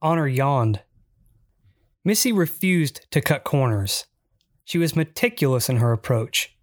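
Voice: medium pitch, animated, measured pace, no room sound. Dry, wry memoir narrator.

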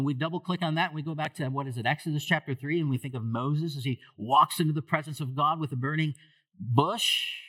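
A pastor delivers a sermon to his church congregation, posing questions to them and shifting between hushed, low lines and raised, loud ones.

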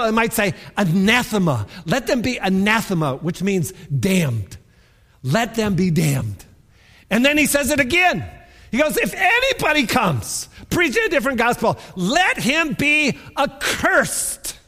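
Lively high-voiced preacher in a hall. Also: male voice. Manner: animated, shouts repeated words for emphasis. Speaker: pastor. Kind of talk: sermon.

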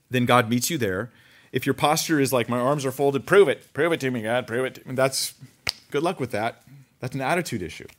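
A man preaching a conversational sermon, reading scripture aloud and commenting with animated asides. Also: mid-range voice. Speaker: pastor.

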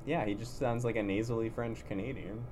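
Playful guy cohosting a chat show, average pitch, a little background hiss. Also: fairly even intonation. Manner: playful, quick to laugh. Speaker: podcast co-host. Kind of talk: casual chat.

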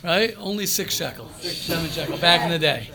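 A man's voice: on the high side, lively intonation, normal speed, crowd noise. A man giving an informal, emphatic talk to yeshiva students, repeating phrases and mixing in Hebrew and Yiddish words.

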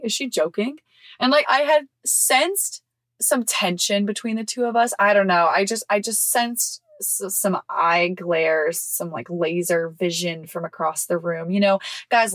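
A woman hosting a podcast, telling a personal story in casual chat, frank and expressive, swearing freely and laughing often. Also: mid-range voice, dry recording. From California. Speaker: podcast host. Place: visiting family in the South.

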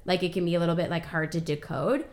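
A young woman co-hosting a podcast in casual chat, excitable and laughing often, swearing freely and acting out quotes. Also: lowish voice, fast talker. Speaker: podcast co-host.

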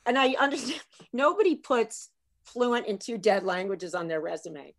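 A middle-aged woman tells funny stories as a guest in a relaxed conversation. She is animated and jokey, often laughing between her lines. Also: on the high side, moderate pace. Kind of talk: comic storytelling in casual chat.

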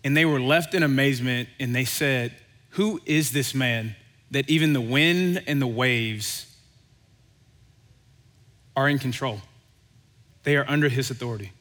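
Conversational preacher in a reverberant hall. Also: male voice, medium pitch, a little slow, long pauses. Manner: conversational, animated storytelling with quoted voices. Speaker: pastor. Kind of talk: sermon.

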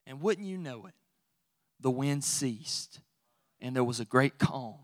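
A man's voice: medium pitch, expressive, a little slow. A man preaching a sermon as pastor, talking conversationally and building to emphatic declarations.

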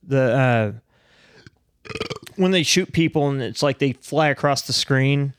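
A man's voice: mid-range voice, measured pace, clean tone, dry recording, clean studio sound. A man co-hosting a casual chat over beers, rambling and laughing at himself as he acts out angry voices in his stories. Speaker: podcast co-host.

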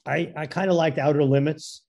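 A man recounts an old work story, tripping over his words and doubling them as he mimics the people involved. His voice sits a little high but sounds mellow and dark in tone. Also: steady tone, fairly quick, vocal fry. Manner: stammering, repeats words, acts out quoted voices. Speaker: guest storyteller. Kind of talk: casual anecdote telling.

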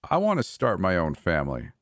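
Man voicing a manic murderous brother, taunting, swinging pitch, dry close sound, story narration. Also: huge pitch swings, fairly quick, no room sound. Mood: cold taunting. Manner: taunting, mocking, erratic shifts into yelling. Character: manic, cruel adult brother, mocking and murderous.

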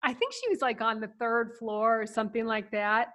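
A middle-aged woman from Ohio hosting, telling family stories in a chatty, animated way with frequent laughter. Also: on the high side, normal speed. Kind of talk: casual storytelling.

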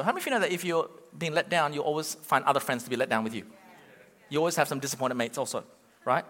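Bright, high male preacher, animated and urgent, long hall echo. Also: quick pace. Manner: animated, urging the crowd, acts out quotes. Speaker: pastor. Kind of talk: sermon.

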